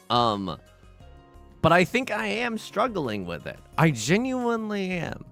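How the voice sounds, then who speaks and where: A young man streaming a game, chatting in a rambling, self-deprecating way with sudden loud outbursts. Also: high-pitched, huge pitch swings, measured pace, gravelly, faint music behind. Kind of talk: casual livestream chat while gaming.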